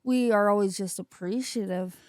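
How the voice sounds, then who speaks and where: A woman's voice: medium pitch, normal speed, darkish tone, no room sound, clean studio sound. A woman co-hosting a podcast in casual chat, easygoing and chatty, telling stories. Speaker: podcast co-host.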